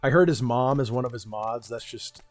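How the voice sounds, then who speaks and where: A man's voice: medium pitch, moderate pace, no room sound, faint music behind. A young man streaming and talking with his chat in a blunt, profane, ranting way. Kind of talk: casual livestream chat.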